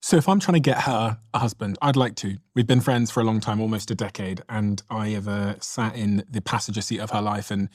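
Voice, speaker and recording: A man's voice: fairly low pitch, brisk, hardly any pauses, darkish tone, no echo, clean studio sound. A man hosting an interview, asking curious questions and thinking aloud. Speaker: podcast host.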